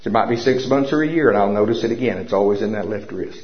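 A man's voice: on the low side, quick pace. A man preaching a sermon in a church service, telling a personal story and making commanding declarations of faith. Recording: dull lo-fi recording.

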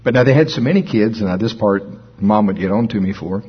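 A man's voice: lowish voice, fast, breathy edge. A man in his sixties preaching a sermon in a folksy, storytelling manner. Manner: folksy, storytelling, chuckles at his own jokes. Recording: dull lo-fi recording.

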